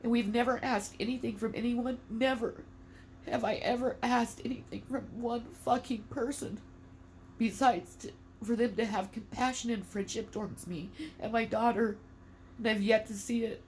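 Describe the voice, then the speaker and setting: A woman's voice: fairly high pitch, steady tone, normal speed, a little mellow, slight background noise. Tearful, defiant middle-aged woman. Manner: angry, defiant, swearing. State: tearful, emotional. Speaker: mother speaking out. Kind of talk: emotional monologue to camera.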